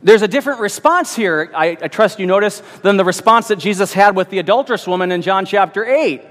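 A man's voice: high voice, lively intonation, fairly quick, fairly bright tone, big-room sound. A man preaching a sermon, earnest and emphatic, often repeating words as he builds his point.

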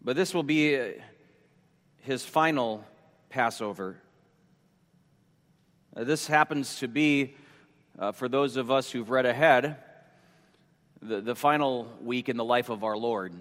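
A pastor delivers a sermon at a slow, measured pace, pausing between phrases and repeating key points. His voice sits at an ordinary male pitch. The sound carries a long reverb, as in a church sanctuary. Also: a bit bright. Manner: slow, deliberate preaching with repeated headings.

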